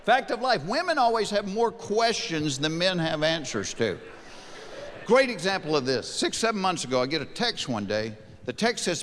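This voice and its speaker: A man doing stand-up comedy, telling stories in a deadpan way with repeated punchlines. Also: high voice, moderate pace, big-room sound, a little hiss or hum. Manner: deadpan storytelling with repetitive punchlines.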